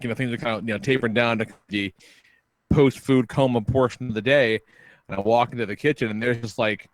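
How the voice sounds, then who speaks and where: A man hosting a podcast, telling a long story in casual chat, animated and full of swearing. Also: medium pitch, dry recording. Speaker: podcast host.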